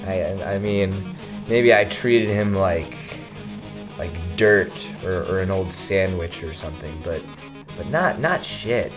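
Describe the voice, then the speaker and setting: A young man in a mock interview, halting and petty, stumbling over his words, with guitar music behind. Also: low-pitched, animated. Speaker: interviewee in a comedy sketch.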